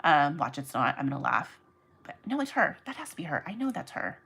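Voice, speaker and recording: A woman with a fairly low voice and a bright, forceful tone chats casually on a livestream as she packs orders. She rambles and drifts onto tangents, calling out to her viewers by name. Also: very animated, fairly quick, vocal fry, breathy edge, poor audio. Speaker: online reseller livestream host. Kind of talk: casual livestream chat while packing orders.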